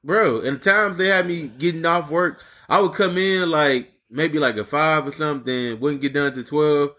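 A man with a bright, slightly high voice tells a story in a relaxed podcast chat. He is animated and profane, slipping into quick impressions of the people he talks about. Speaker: podcast co-host.

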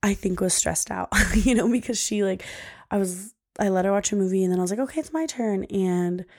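A young woman talks casually on her podcast, rambling and saying "like" all the time. Her voice sits at a middle pitch with a gravelly, fried edge. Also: steady tone, fairly quick, darkish tone. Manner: chatty, peppered with "like". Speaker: podcast host. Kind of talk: casual chat.

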